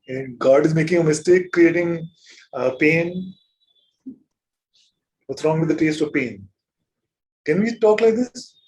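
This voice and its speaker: A man giving a spiritual talk to a gathering as its teacher, gently playful, chuckling often and prodding listeners with rhetorical questions. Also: fairly high pitch, slow pace, pauses often, a little hiss or hum, low-quality recording.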